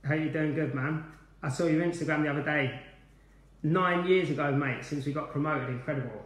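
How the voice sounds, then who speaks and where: A man's voice: fairly high pitch, a little fast, reverberant. A man hosting a live online quiz night, chatty and upbeat as he greets viewers by name. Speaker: quiz host, former player.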